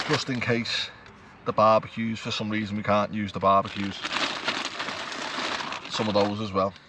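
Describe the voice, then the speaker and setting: Guy vlogging outdoors at a campsite, rambling and self-mocking, mid-pitched voice, traffic and ambient noise behind. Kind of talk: casual chat to camera.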